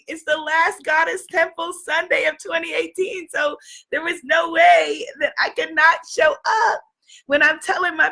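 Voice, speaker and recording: Woman, hoarse, high pitch, bright tone, energetic motivational live-stream host. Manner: energetic and enthusiastic, greets viewers by name. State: hoarse, strained voice. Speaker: spiritual business coach and live-stream host. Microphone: clip-on microphone.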